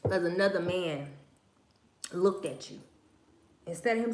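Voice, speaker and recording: On her livestream, a female host preaches her views emphatically in slang, repeating phrases as she goes. Her fairly low, darkish voice is expressive and measured, with frequent pauses, and the sound is reverberant.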